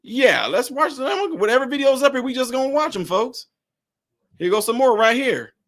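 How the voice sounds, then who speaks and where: Sarcastic high-voiced man reacting to videos. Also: normal speed. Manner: animated, sarcastic, repeats himself. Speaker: political commentary host. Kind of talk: casual reaction commentary.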